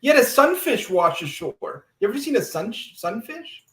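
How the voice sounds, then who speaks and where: A man's voice: very high-pitched, very animated, moderate pace, fairly bright tone, echoey room. A man co-hosting a casual livestream, reading local news items with amused asides. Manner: reads police blotter with amused asides. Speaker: livestream co-host.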